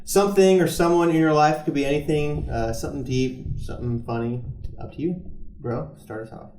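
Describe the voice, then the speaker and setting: A man's voice: fairly high pitch, steady tone, brisk, a little mellow. A young man co-hosting a podcast in casual banter, giggly and laughing often. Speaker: podcast co-host. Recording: echoey room, faint noise.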